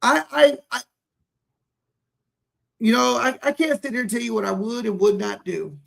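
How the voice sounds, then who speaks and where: A man in his forties co-hosting a podcast, talking earnestly and warmly about fatherhood, often repeating words as he gathers himself. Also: very high voice, normal speed, vocal fry. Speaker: podcast co-host. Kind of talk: heartfelt casual conversation.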